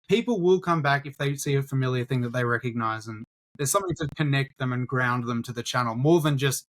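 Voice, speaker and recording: A man's voice: mid-range voice, a bit bright. A young man co-hosting a casual podcast, laid-back, swearing often and calling people dude and bro. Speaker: podcast co-host, YouTuber.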